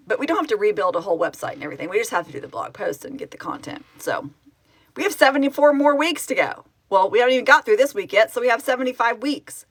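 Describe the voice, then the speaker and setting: A woman's voice: medium pitch, lively intonation, fast talker, fairly bright tone, no room sound. A middle-aged woman chatting casually on a live stream as founder of a fan project, emotional and tearful as she reads out where viewers are from. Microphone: phone.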